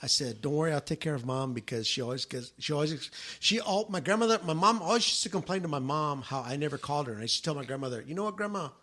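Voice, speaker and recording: A middle-aged man with a fairly high voice tells a personal story on a casual podcast. He slips into the voices of his relatives as he goes. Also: fast, hardly any pauses, sharp tone. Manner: storytelling, acts out quoted relatives. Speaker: podcast co-host. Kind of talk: casual chat.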